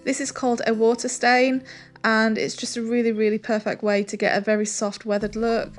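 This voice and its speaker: A woman's voice: fairly high pitch, moderate pace. Lady talking thru a paint makeover, easy and chatty, lots of ums, little music under it. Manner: relaxed, chatty, says "um" and "really, really" often. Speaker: furniture painting tutor. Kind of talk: step-by-step painting tutorial voice-over.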